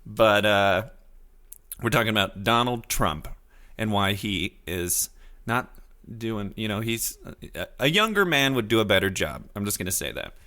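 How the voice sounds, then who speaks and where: A man in his thirties hosting a casual solo podcast, rambling loosely and reacting to his chat, now and then slipping into high silly voices to quote people. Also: sing-song, measured pace, bright, forceful tone. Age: 30s. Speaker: podcast host.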